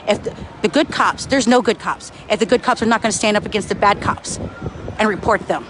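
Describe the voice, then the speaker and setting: A man's voice: high voice, fairly quick, fairly bright tone. A man livestreaming from a street protest, angry and profane, answering chat comments. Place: outdoors on a city street. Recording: faint street and traffic noise.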